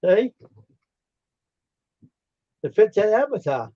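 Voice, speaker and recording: A man hosting a livestream jokes around and tells blunt stories in casual chat, speaking slowly in a high, sing-song voice with a warm tone. There's no echo, though the stream audio is dull, dry and lo-fi.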